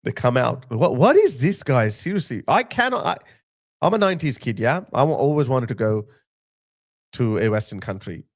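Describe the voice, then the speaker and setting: A man's voice: medium pitch, big pitch swings, normal speed. A man in his thirties giving an opinionated live-stream monologue as a political commentator, emphatic and heated, often restarting and repeating his phrases.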